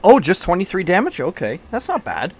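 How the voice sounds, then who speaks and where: A man's voice: high-pitched, huge pitch swings, fairly quick. A man playing a tabletop game, groaning dramatically and expecting the worst. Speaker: player. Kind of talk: casual tabletop game chat.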